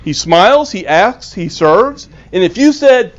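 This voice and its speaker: A man's voice: high voice, sing-song, unhurried, few pauses. A man, an author, giving a storytelling talk to a club, earnest and acting out the dialogue. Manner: earnest, acts out quoted dialogue. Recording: dull lo-fi recording.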